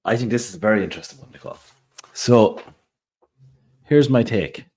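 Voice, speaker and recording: Deep voiced guy rambling on a podcast, lots of ums and tangents. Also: a little fast, darkish tone, husky. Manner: rambling, chatty, many fillers and asides. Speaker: podcast co-host. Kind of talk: casual chat.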